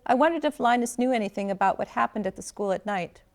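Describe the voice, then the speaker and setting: A woman author reads her own novel aloud, first person and steady. Her voice sits somewhat high. The narration is clear and evenly paced, like an audiobook reading. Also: fast talker.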